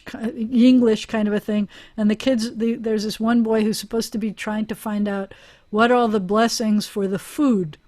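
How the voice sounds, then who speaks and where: A woman's voice: mid-range voice, dark tone. A woman rabbi teaching a Hebrew class over a video call, chatty and encouraging, often laughing with her students.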